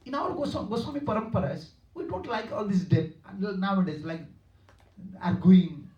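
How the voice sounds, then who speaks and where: A high-pitched older man preaches a storytelling sermon in a temple hall, speaking a little fast on a muffled recording that sounds distant and echoey. As a spiritual teacher, he uses simple, repetitive non-native English and animates the characters he quotes.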